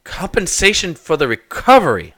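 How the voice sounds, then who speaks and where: A man voicing a shrewd human woman in her forties who runs a trading post, flustered and quick to haggle and take offense. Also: a little high, sing-song, crowd noise. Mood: suspicious.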